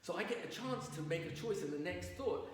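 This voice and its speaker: A man's voice: high voice, expressive, brisk. Man lecturing in a roomy hall. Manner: storytelling, asks the audience questions. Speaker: rabbi lecturer. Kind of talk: Torah lecture to an audience. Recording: roomy distant recording with faint noise.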